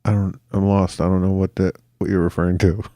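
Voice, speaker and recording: A man's voice: low-pitched, flat delivery, fast talker, dark tone, dry recording, clean studio sound. A man co-hosting a casual history podcast, teasing his co-host and jumping in with jokes. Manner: playful, teasing, jumps in with jokes.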